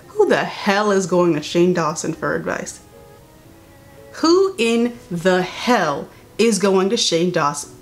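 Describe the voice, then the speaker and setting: A young woman giving sassy, incredulous commentary as she reads a statement aloud, jumping between high exclamations and low mutters. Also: big pitch swings, measured pace, faint music behind. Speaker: commentary YouTuber.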